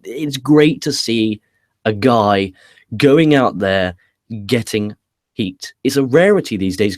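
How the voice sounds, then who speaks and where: A man talks through a wrestling show in a loose, casual review. He swears offhand and often restarts his sentences. His voice sits at a middling pitch and the recording is dry and close. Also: a little mellow, no echo. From England.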